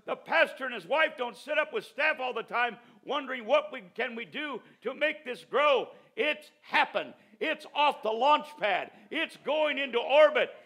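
A man preaching at a Bible school graduation, fervent and rising to shouts at his peaks. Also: very high-pitched, animated, moderate pace, hardly any pauses. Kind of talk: graduation sermon.

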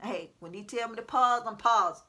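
Speaking from home in a high, bright voice, a woman who styles herself a prophetic speaker delivers a brisk, informal religious exhortation to viewers. She's preachy and repetitive, repeatedly calling out to her listeners.

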